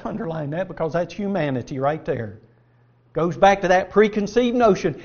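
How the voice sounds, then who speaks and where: High-voiced preacher on a dull recording. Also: male voice, very animated, normal speed. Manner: earnest, rhetorical questions, folksy phrasing. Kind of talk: sermon with scripture reading.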